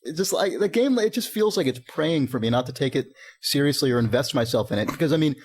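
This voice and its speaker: A man's voice: on the high side, lively intonation, fast, slight background noise. A man co-hosting a podcast, talking casually and animatedly, swearing freely and laughing often. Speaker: podcast co-host. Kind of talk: casual chat.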